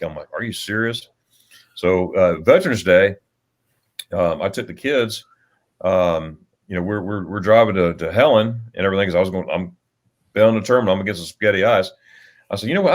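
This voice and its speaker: A man with a fairly low voice hosts a relaxed livestream chat. He rambles through stories, stopping and restarting with plenty of fillers. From United States. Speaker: livestream host.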